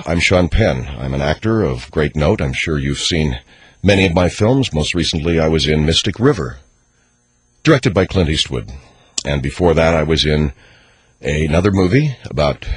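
A man impersonating a smug, self-important male movie star in a comic radio bit, speaking in a low, pompous mumble. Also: husky, no room sound, full character voice. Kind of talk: comedic celebrity impression on radio.

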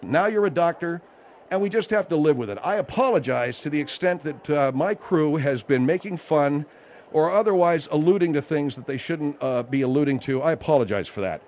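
A man's voice: fairly high pitch, slight background noise. A man hosting a comic radio talk show, blunt, bossy and exasperated. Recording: dull lo-fi radio recording.

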